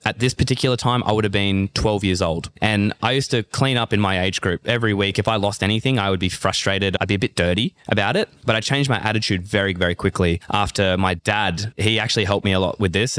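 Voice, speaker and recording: A man's voice: on the low side, dry recording. A man in his thirties from Australia with an Australian accent, a guest athlete telling stories in a casual interview. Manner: animated storyteller, acts out remembered dialogue.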